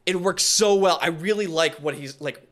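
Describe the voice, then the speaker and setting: A man hosting a reaction video in casual commentary, excitable and rambling, often stumbling over his words. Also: a little high, moderate pace.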